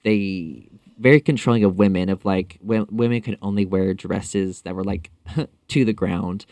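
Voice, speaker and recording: A man's voice: deep voice, fairly even intonation, darkish tone, no echo, studio quality. A man speaking as a podcast guest in a casual interview, talking thoughtfully with frequent fillers and restarts. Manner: thoughtful, halting, many fillers.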